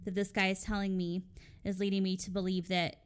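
A woman chatting casually and telling a long work story with lots of energy. She acts out the quoted lines herself as she goes, and her pitch sits in a middle range. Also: a little fast, clean tone. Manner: animated storytelling, acting out quoted exchanges. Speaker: storyteller guest recounting hotel night shift. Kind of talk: casual chat.

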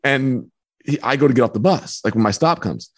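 Animated New man telling a story. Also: mid-range voice, brisk. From New York. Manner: lively, acts out voices in anecdotes. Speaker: author guest.

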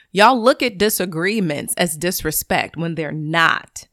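A woman's voice: fairly low pitch, animated, measured pace, hardly any pauses, a bit bright, no echo, studio quality. A woman who is a teacher and podcast host, talking in a solo monologue in a blunt, profane and emphatic way.

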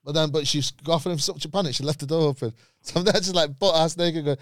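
A man, a comedian, telling a road story in casual chat, animated and swearing freely, shrieking when he quotes himself. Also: a little high, fast talker, no echo, clean studio sound.

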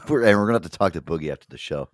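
An American man hosting a casual talk show, slightly hoarse, animated and laughing often. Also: on the low side, no room sound, clean studio sound. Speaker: host.

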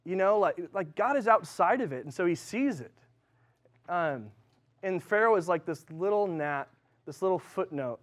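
High-voiced man preaching casually. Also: animated, moderate pace. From Southern California. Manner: casual, conversational, filler-heavy with likes and ums. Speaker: pastor. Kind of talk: sermon. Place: church.

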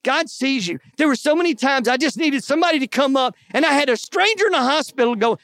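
A man's voice: extremely high pitch, expressive, brisk, a bit bright, no room sound. Earnest man preaching, dry sound. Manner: earnest, conversational preaching with folksy asides. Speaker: pastor. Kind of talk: sermon.

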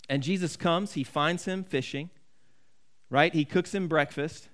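A man preaching a sermon in a somewhat high voice. He talks in an earnest, conversational way and often restarts his sentences. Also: unhurried, a bit bright. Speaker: pastor.

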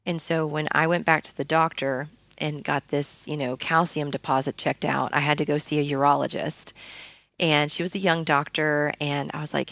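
Earnest low-voiced woman, gravelly edge. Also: level tone, normal speed, a bit bright, no room sound. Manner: earnest, frequent fillers and restarts. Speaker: podcast guest. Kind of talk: personal testimony in a conversation.

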